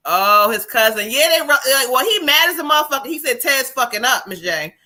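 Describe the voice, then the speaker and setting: A woman's voice: high-pitched, lively intonation, brisk, pushed and bright. A woman from New Jersey giving a psychic reading on a live stream, blunt and profane. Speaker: psychic medium.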